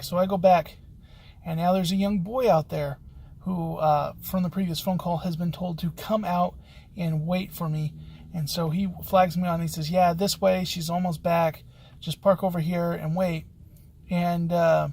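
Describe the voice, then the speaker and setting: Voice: medium pitch, creaky, darkish tone. A locksmith hosting a podcast, telling a work anecdote in a rambling, conversational way. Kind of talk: casual spoken anecdote.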